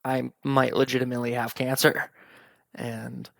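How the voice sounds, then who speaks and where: A man's voice: mid-range voice, little pitch movement, moderate pace, creaky, fairly bright tone, no room sound. A young man hosting a podcast, frankly telling a personal story, swearing freely and acting out the conversations. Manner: frank and profane, retelling conversations. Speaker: podcast host.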